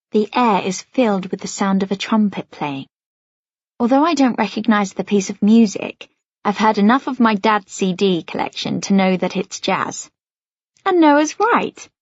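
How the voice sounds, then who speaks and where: A woman reads a first-person novel as an audiobook, with an expressive, anxious delivery in a medium-pitched voice. The studio recording is dry, slightly dull, and free of echo.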